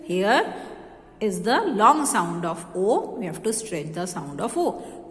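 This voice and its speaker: A woman, a kindergarten teacher, slowly repeating phonics words for young children. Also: mid-range voice, very animated. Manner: slow, drawn-out word repetition, stretching vowels. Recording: echoey room with long reverb.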